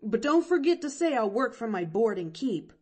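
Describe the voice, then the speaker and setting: Woman playing a scrappy orphan boy, blunt, folksy dialect, mellow tone, audiobook. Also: on the high side, very animated, normal speed, husky, voice pushed up. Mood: proud.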